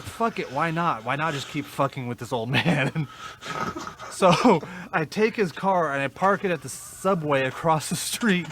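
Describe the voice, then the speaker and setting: Male podcast co-host, bright and a little high, casual and profane storyteller. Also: slight background noise. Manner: animated storyteller, swearing, laughing often.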